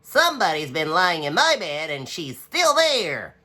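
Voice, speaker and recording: A man doing a bright little bear cub. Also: on the high side, huge pitch swings, a little slow, voice pushed up, heavily acted. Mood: surprised. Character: small young bear cub, plaintive. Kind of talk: storybook read-aloud.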